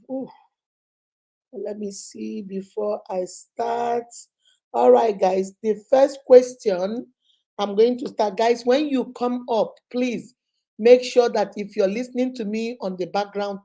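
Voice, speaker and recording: A Nigerian woman in her thirties hosting a casual live stream, chatting and greeting viewers by name, her voice going a little hoarse from a cold. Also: mid-range voice, fairly even intonation, slow, warm tone.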